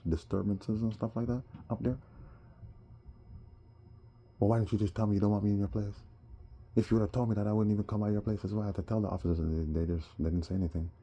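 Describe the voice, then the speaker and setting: Man, very low voice, gravelly fry, rambling animated storytelling. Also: slight background noise. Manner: animated, rising to heated outbursts.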